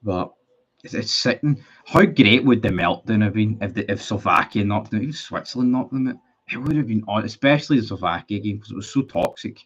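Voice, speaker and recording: A man hosts a casual livestream. He rambles bluntly, swears freely and restarts his sentences often. His voice sits fairly low and comes through dull, lo-fi stream audio. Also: expressive, fairly quick, husky. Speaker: livestream host. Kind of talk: casual livestream chat reading viewer comments.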